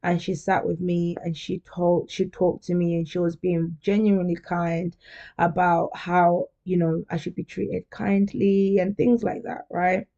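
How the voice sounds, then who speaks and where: A woman's voice: lowish voice, little pitch movement, a little slow, gravelly, dark tone, dull audio. A young woman hosting a podcast, talking candidly and chattily in a casual monologue, often laughing. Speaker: podcast host.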